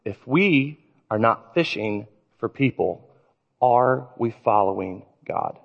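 A man preaching a sermon, telling stories in an animated way. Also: medium pitch, takes it slowly, vocal fry, phone-quality sound. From Illinois. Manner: animated storytelling. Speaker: pastor. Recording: reverberant church hall.

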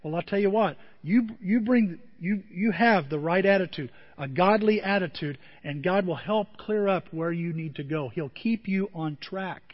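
A middle-aged man preaching a sermon as pastor, telling stories with animated asides to the congregation. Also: high voice, normal speed, few pauses. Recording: dull sound with long hall reverb.

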